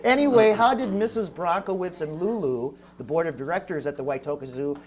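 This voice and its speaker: A man's voice: on the high side, fairly quick, a little hiss or hum. A man hosting a comedic talk show. He speaks in a mock-formal way and stumbles over fillers.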